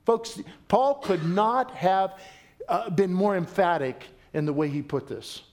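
A middle-aged male pastor preaching a sermon in an emphatic, conversational way, often jumping up in pitch and volume. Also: unhurried, a little mellow.

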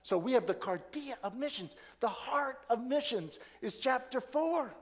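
A man preaching in a high, very lively voice that drops to near whispers and then climbs to shouts. He acts out quoted prayers with rising passion. His voice rings with the long reverb of a large hall. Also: unhurried. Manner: dramatic, swings from hushed to shouting. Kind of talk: sermon.

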